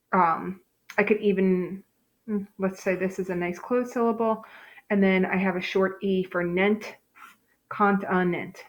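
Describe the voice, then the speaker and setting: A woman's voice: lowish voice, dull audio. A woman teacher giving a recorded phonics lesson, explaining step by step with frequent "okay" and "um". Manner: patient, explains step by step, frequent okays and ums.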